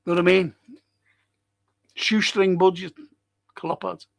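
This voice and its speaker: Male podcast host, gravelly and slightly high-pitched, blunt and foul-mouthed, in casual live-stream chat. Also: little pitch movement, slow. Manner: blunt, swears freely, reads viewer comments aloud.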